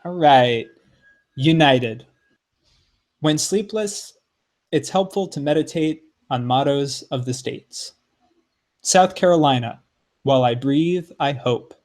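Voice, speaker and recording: A man's voice: on the high side, takes it slowly, pauses often. Man reading poetry expressively on a podcast. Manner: expressive reading aloud with playful asides. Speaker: podcast co-host.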